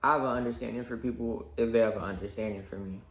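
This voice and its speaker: A man's voice: on the low side, steady tone, fast talker. Young man ranting casually with constant fillers. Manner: rambling, profane, full of fillers. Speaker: vlogger. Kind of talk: casual storytime rant.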